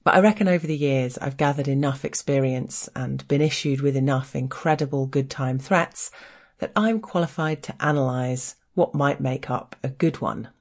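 A woman's voice: extremely low pitch, normal speed, darkish tone. An Englishwoman reading her own frank personal essay aloud in a wry, candid, playful way.

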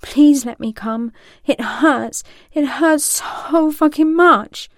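A woman's voice: sits high, takes it slowly, no room sound, studio quality, pitched above the performer's own voice. A woman reading a story voices a restrained man who begs in a strained, pleading voice that breaks into whispers. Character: desperate restrained man begging for release.

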